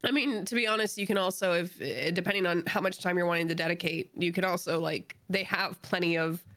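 Fast-talking woman in a gaming chat. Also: on the low side, fairly bright tone.

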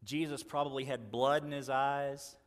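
Earnestly acting out quoted dialogue, this pastor moves from loud emphasis to quiet asides during his sermon. His medium-pitched voice stays fairly even in intonation at a moderate pace, with big-room acoustics.

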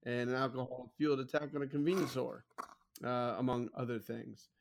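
A man hosting a casual podcast at a middling pitch, reading out strange news stories. He builds to punchlines with comic timing and laughs along with the others. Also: fairly even intonation, a little fast, creaky. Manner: comic storytelling, laughing at his own punchlines. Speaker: podcast host.

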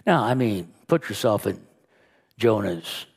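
A man pastor preaching a sermon, slow and emphatic, rising and quickening when he retells scenes. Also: lowish voice, animated, vocal fry, a little mellow, slightly rough.

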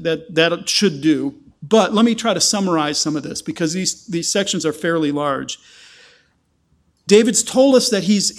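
A man preaching an earnest sermon, often repeating words as he explains scripture. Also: sits high. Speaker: pastor.

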